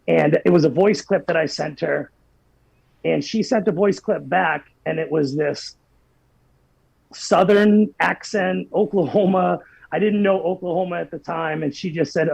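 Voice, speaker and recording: A man in his forties telling his own story as a podcast guest, earnest and heartfelt, with a gravelly voice. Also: fairly high pitch, measured pace, a little mellow, dry recording, lo-fi sound. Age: 40s. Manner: earnest, heartfelt, many restarts. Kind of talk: personal storytelling.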